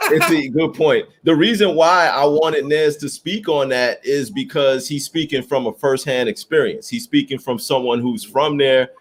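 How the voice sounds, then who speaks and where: Brief: man, podcast host, mid-pitched, steady and explanatory. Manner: measured, explanatory, agreeing. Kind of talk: casual podcast chat.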